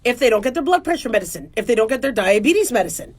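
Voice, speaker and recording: High-voiced, chatty woman doctor. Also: big pitch swings, fast talker, husky. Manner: chatty, playful, jumps into voices. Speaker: family medicine doctor and show host. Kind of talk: casual talk monologue.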